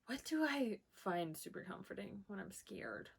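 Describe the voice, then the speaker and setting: A woman's voice: medium pitch, expressive, normal speed, vocal fry, breathy edge. A young woman talks casually about books, rambling and filling her sentences with likes and ums. Her delivery is bubbly and enthusiastic, with a middle-range voice that sounds like she is chatting from home. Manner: chatty and rambling, with many "like" and "um" fillers. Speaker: book vlogger. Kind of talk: casual chat, answering a book tag.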